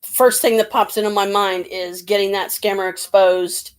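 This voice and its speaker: A woman's voice: mid-range voice, steady tone, moderate pace, poor audio. A woman giving a casual tarot card reading, chatty and rambling, with lots of fillers. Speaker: tarot reader.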